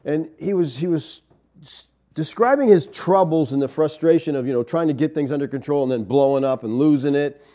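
A man's voice: fairly high pitch, fairly quick, dark tone. A man teaching a Bible study as a sermon, in a conversational way, often checking in with "okay?" and "you know".

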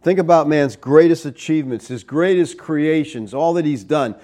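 A man preaching a sermon in an animated way, with rhetorical asides to the congregation. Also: on the high side, normal speed. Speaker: pastor.

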